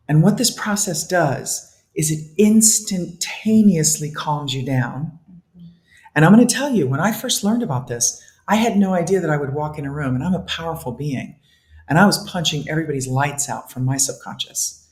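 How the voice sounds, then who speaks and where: A man's voice: fairly high pitch, moderate pace. A man being interviewed as a detox specialist, talking animatedly and laughing often. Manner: animated, acts out inner dialogue, laughs often. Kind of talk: casual interview talk. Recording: echoey room.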